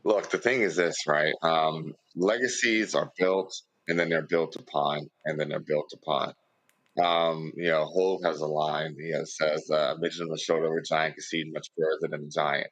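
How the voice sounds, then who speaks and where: A man with an extremely deep voice speaks in a flat, level tone. He sounds relaxed and conversational, with plenty of fillers, and the recording is close and dry. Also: moderate pace, dry recording. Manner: relaxed and conversational, with frequent "um" and "you know". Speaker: panelist. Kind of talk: casual panel discussion.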